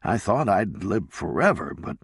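Thoughtful old husband, kinda wry, trails off a lot, low gravelly voice man reading it. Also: big pitch swings, measured pace, no room sound, clean studio sound, full character voice. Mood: reflective. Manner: hesitant, reflective.

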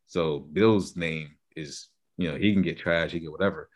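A man's voice: a bass voice, moderate pace. A man co-hosting a podcast in casual chat, argumentative and given to spelling out long theories. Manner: argumentative, lays out theories at length. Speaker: podcast co-host.

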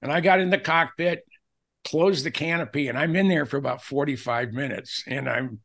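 An older man telling personal anecdotes as a podcast guest, acting out the dialogue he quotes in an animated way. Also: fairly high pitch, moderate pace, creaky. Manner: animated storyteller who acts out quoted dialogue.

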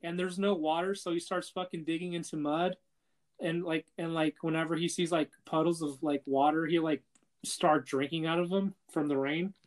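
A man's voice: on the high side, steady tone, moderate pace. A young man casually retelling a story to a friend, loose and full of swearing and filler words. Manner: loose and profane, heavy on filler "like" and "he's like".

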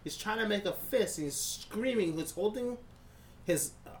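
A man casually telling a long story on a podcast, profane and animated, acting out scenes and sounds. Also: sits high, normal speed, a little hiss or hum. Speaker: podcast co-host.

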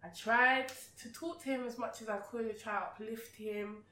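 A woman, a podcast guest telling a personal story in an outspoken, animated way. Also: on the high side, moderate pace, a little hiss or hum. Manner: outspoken, animated, acts out remembered exchanges. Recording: roomy sound from a distant mic.

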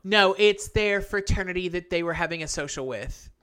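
A woman's voice: fairly low pitch, moderate pace, fairly bright tone. A woman reading an angry email aloud in casual chat, acting it out with profanity and breaking into laughter.

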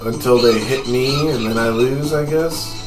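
A man playing a game and voicing its lines, commenting in a low-key, offhand way between them. His mic is set back in an echoey room with faint game music behind, and he talks slowly. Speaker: gamer reading a game aloud. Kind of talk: let's-play voice reading.

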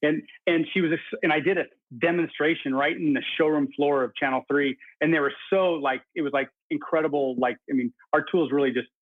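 Excitable host on a tinny phone line. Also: male voice, fairly high pitch, fairly quick, hardly any pauses. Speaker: podcast host. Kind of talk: casual interview chat.

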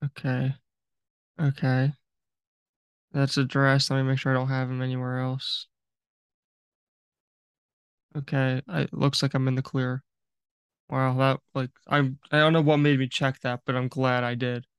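A man's voice: medium pitch, completely flat delivery, normal speed, smooth, no echo, studio quality. A young man co-hosting a casual podcast, easygoing and joking. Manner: easygoing, apologetic asides, joking. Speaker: podcast co-host. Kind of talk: casual chat.

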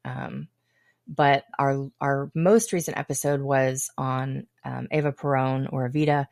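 A low-voiced woman chats loosely and irreverently as host of her own podcast, swearing freely and joking at her own expense. The sound is dry and close. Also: fairly even intonation, measured pace, vocal fry, a little mellow, no echo. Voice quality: irreverent, playful, profane. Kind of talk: casual chat.

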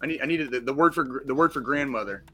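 Loud swearing bright-voiced man. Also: mid-range voice, quick pace, faint music behind. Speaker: podcast co-host. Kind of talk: profane casual chat.

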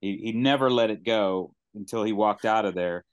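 A man's voice: on the low side, normal speed, clear, resonant tone, dry recording. A male podcast host in casual, jokey conversation. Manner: jokey, laughs easily. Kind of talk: casual chat.

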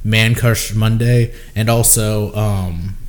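Man, young, casual podcast chat, rambling and jokey, slightly low-pitched. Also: steady tone, slow pace. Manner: rambling, jokey, filler-heavy. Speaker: podcast co-host.

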